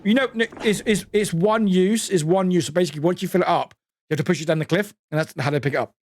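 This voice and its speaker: A young British man streaming a game live, excitable and full of laughs, yelps and swearing. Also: high-pitched, quick pace, no echo.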